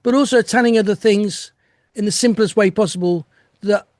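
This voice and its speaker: A man's voice: sits high, moderate pace, darkish tone, no room sound, studio quality. An older man speaking reflectively over a video call from home as an interview guest, with laughs and restarts. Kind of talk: casual chat.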